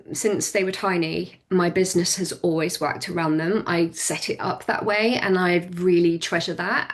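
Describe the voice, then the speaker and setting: A woman in her forties, chatting as an interview guest, laughing often and restarting her sentences. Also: mid-range voice. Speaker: podcast guest, business owner. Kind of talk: casual interview chat.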